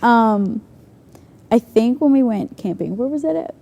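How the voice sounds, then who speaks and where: A woman's voice: on the high side, animated, unhurried, vocal fry, dark tone, highs cut off. A young woman youth leader chatting casually, giggling and saying "like" a lot as she tells stories. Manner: bubbly, giggly storyteller, says "like" a lot. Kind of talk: casual chat.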